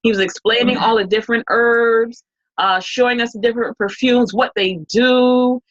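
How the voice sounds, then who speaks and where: A woman's voice: fairly high pitch, fairly even intonation, normal speed. Rambling woman telling a story, lo-fi. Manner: rambling, full of restarts and quoted dialogue. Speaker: interview guest. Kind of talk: casual storytelling.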